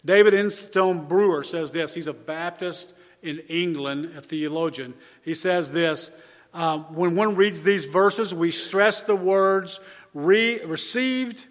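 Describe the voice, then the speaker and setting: Male pastor, sermon delivery, fairly high voice, earnest and measured, long reverb. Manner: earnest, measured preaching with repeated emphasis.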